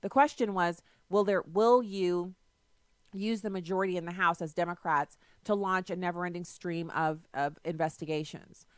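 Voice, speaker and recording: A woman's voice: on the low side, steady tone, moderate pace, smooth, no echo. A woman hosting a political talk radio show, delivering a sarcastic, emphatic monologue into a studio microphone.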